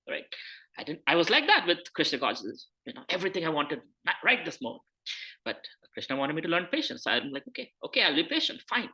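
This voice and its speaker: A man's voice: on the high side, pushed and bright. A man giving a conversational scripture talk, acting out quoted dialogue as he tells a personal story. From India. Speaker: spiritual teacher.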